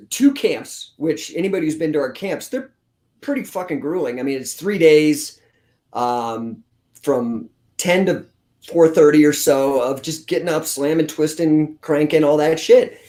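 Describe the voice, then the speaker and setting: A grappling coach in his forties, slightly high-voiced, talks at a measured pace as an interview guest. The conversation is casual, the recording has a roomy echo, and his storytelling is animated, blunt and profane.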